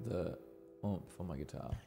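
A young Australian man chatting casually on a livestream, giving relaxed, rambling singing tips with plenty of ums. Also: low-pitched, normal speed, vocal fry. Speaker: livestreaming singer and guitarist. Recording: reverby room with guitar behind. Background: guitar playing.

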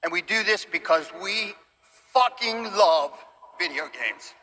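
A man's voice: on the high side, lively intonation, moderate pace, very noisy. A man, a studio co-founder, giving an earnest, emotional stage presentation of a new series. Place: large event stage.

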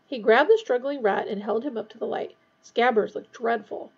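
A woman reading a novel aloud in a steady, measured way. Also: a little high, husky, muffled recording. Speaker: audiobook reader.

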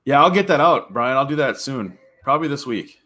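Male guest, casual livestream banter, laughs a lot, average pitch. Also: animated, brisk, sharp tone. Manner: chatty, laughs often, talks to viewers directly.

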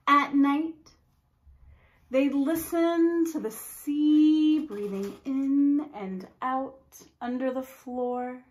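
A preschool teacher reading a storybook aloud to young children in a slow, expressive, sing-song way. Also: female voice, high-pitched, low-quality recording.

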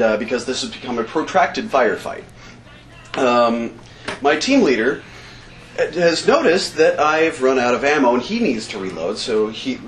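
A man telling a comic war story to a live convention audience, laughing and acting out shouts and sound effects. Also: medium pitch, slight background noise, rough recording. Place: convention stage.

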